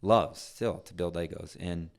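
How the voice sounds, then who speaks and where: A middle-aged man, appearing as a podcast guest, speaks in a low, unhurried voice while telling stories in conversation. He's animated, acting out the voices in his anecdotes, and he often restarts sentences or lets phrases trail off.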